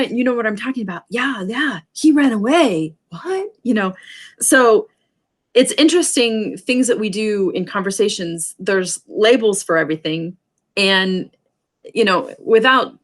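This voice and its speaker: A woman's voice: medium pitch, a bit bright. Rambling woman teaching an online class. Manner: rambling, many fillers and restarts. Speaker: sign language teacher. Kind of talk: casual online class lecture.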